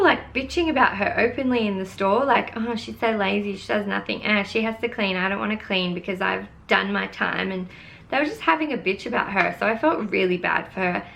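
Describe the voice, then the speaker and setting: Gravelly-voiced young woman venting. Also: medium pitch, a bit bright. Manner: exasperated, vents and swears casually. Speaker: beauty vlogger. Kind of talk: storytime vlog.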